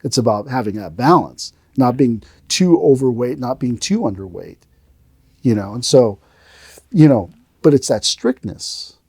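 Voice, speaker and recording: A man's voice: mid-range voice, unhurried, husky, dry recording, studio quality. A middle-aged man, an aikido instructor, hosting a casual podcast chat and animatedly acting out the lines in his stories. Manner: animated storyteller who acts out quoted lines.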